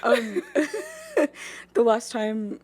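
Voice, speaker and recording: A woman's voice: a little high, huge pitch swings, very slow, darkish tone. A woman in her twenties hosting a podcast, chatting casually with a friend and laughing often. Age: 20s. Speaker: podcast host. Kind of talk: casual chat.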